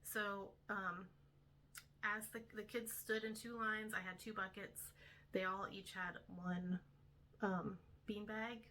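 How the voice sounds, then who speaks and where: A woman's voice: mid-range voice, bright, forceful tone, a little hiss or hum. A young woman, a homeschool tutor, casually explaining her week's lessons step by step with frequent ums. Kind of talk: casual instructional talk to camera.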